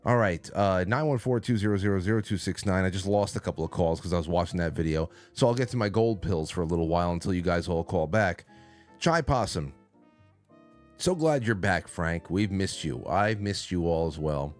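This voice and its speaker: A man's voice: low-pitched, fairly quick, faint music behind. A man hosting a casual call-in stream from a studio, rambling and reading out chat names. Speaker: call-in show host. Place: small studio. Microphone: studio mic.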